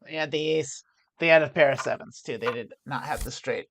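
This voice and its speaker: A woman's voice: very deep voice, fairly quick, fairly bright tone, a little hiss or hum. A woman streaming poker, explaining each hand aloud as she plays, often restarting her sentences. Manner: thinks aloud about hands, restarts often. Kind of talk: live poker play-and-explain commentary.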